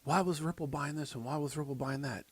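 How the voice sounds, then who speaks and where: A man hosting a crypto livestream, reacting with fervent, preachy commentary, repeating himself and joking about his own excitement. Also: a little high, fast, husky, no room sound.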